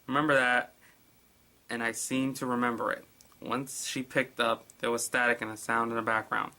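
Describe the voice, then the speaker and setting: A man's voice: medium pitch, level tone, moderate pace. A man reading a creepy story aloud and breaking off with sarcastic, exasperated comments. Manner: sarcastic, exasperated asides between hushed reading. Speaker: narrator.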